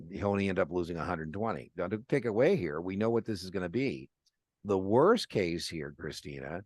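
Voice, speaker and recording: A male instructor teaches options in a relaxed, talky way, calling on students by name and acting out client phone calls to make his points. His voice sits low. The sound is close and dry, with no room echo. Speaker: exam prep instructor. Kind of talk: live online class lecture.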